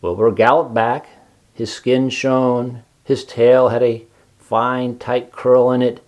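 A man reading a children's storybook aloud in a calm, measured way. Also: mid-range voice, highs cut off. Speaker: narrator.

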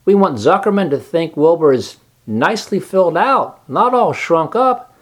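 A man voicing a kind, wise female barn spider who talks gently but firmly, coaxing the others along. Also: on the high side, expressive, moderate pace, voice pushed up.

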